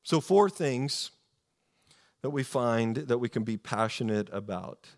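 A man preaching a sermon in a casual, animated storytelling way, with many fillers and restarts. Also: medium pitch, slow. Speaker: pastor.

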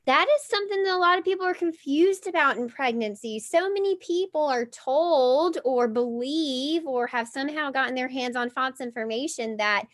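A woman hosting a podcast, introducing her guest with bubbly enthusiasm. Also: sits high. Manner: enthusiastic, effusive. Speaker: podcast host. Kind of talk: podcast interview.

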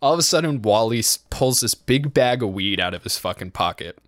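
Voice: mid-range voice, animated, fairly quick, dry recording, clean studio sound. A young adult telling a wild party story in casual chat, swearing often, laughing, and saying "dude" and "like" a lot. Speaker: podcast storyteller.

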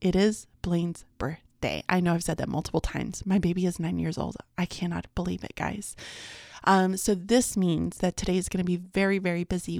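A woman in her thirties talks in a casual, upbeat daily vlog, chatting to her viewers and laughing between thoughts. Her mid-pitched voice has a gravelly, fried edge. The recording is dry and close, with no room around it. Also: a little mellow, no echo. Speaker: vlogger and mother.

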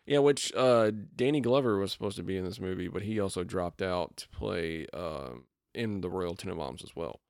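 A man co-hosting a casual movie chat, animated and given to acting out quotes from scenes. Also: sits low, normal speed, no room sound, studio quality. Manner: animated, acts out quotes in a raised voice. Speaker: podcast co-host.

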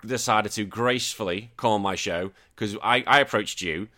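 A man's voice: fairly low pitch, normal speed, pushed and bright. A man with a Northwest English accent, hosting a podcast in a casual, rambling, sweary way. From northwest England. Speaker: podcast host.

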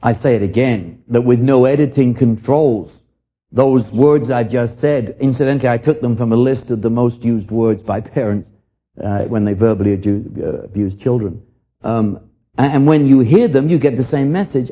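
A man's voice: medium pitch, normal speed, lo-fi sound. An older man from England preaching a sermon, earnest and reflective, often repeating a word as he starts a line.

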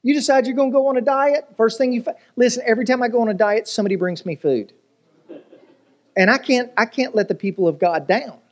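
A man's voice: extremely high pitch, quick pace. A man preaching a sermon as pastor, telling jokes and stories and asking the congregation rhetorical questions.

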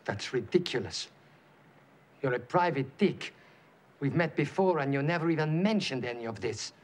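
A man's voice: fairly high pitch, animated, moderate pace, natural voice. A man playing a sneering gangster henchman. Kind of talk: TV drama acting. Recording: faint background ambience from a TV episode.

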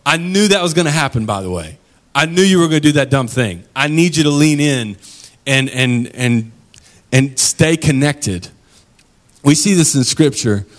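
A man's voice: on the high side, lively intonation, normal speed. A male pastor preaching a sermon in a casual, conversational storytelling way with slangy asides.

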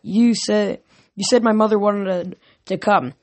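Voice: medium pitch, steady tone, a little slow, close to an everyday voice. A reader voicing an earnest teenage girl who speaks hesitantly in a storybook reading. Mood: pleading.

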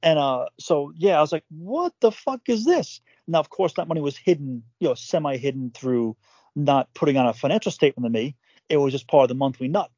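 A man telling his own story in casual conversation, swearing freely, stumbling over repeated words and acting out quotes with jumps in pitch. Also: fast talker, a little mellow, no echo, muffled recording.

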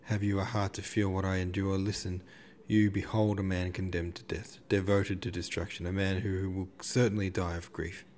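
An earnest, melodramatic suitor pleads and implores in solemn, overwrought tones, read by a man. The voice sits low and deep, with a faint hiss in the background. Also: little pitch movement, moderate pace, darkish tone, close to an everyday voice. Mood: imploring.

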